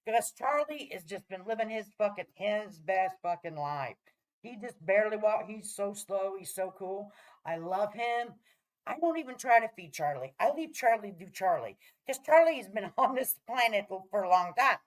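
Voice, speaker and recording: A woman's voice: medium pitch, animated, moderate pace, poor audio. Profane, rambling middle-aged woman vlogger. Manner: talks to viewers with repeated "all right?" check-ins. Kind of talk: casual rant to camera.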